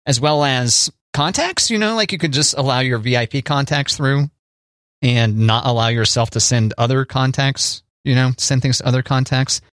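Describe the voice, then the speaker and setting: A man's voice: medium pitch, normal speed, fairly bright tone, no echo. Easygoing man co-host, dry sound. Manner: easygoing and jokey, laughs often. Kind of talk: casual chat.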